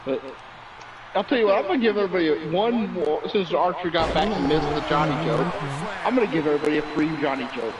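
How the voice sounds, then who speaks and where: A man's voice: on the high side, lively intonation, fast talker, dull audio. Chatty, playful man on a distant line. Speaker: co-host telling a joke. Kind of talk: casual chat and joke telling. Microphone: remote internet call. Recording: distant mic with loud crowd behind.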